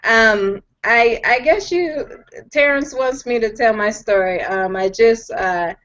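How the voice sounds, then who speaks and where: A woman in her twenties from Chicago, telling her personal story on an online call, hesitant with lots of "um"s and quick to joke about herself. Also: fairly high pitch, a bit bright, highs cut off. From Chicago, USA. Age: 20s. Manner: hesitant with many "um"s, self-joking. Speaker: guest panelist. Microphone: video call.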